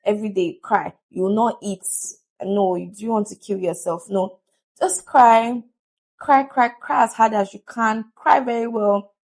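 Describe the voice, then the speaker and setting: A woman's voice: mid-range voice, steady tone, a little slow, darkish tone. A woman giving a chatty, earnest motivational talk to camera, laughing often. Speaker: vlogger.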